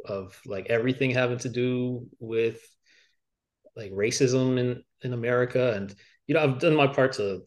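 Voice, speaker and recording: A young adult man, an author guest on a podcast, talking in a reflective, halting way with many fillers and restarts. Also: medium pitch. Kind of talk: reflective interview talk. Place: podcast studio.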